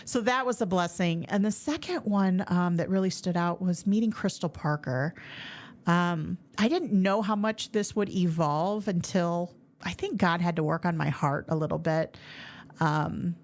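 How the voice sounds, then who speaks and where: A woman podcast host telling a faith story in a chatty, animated way, full of fillers and restarts. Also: on the low side, measured pace. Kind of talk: casual faith testimony storytelling.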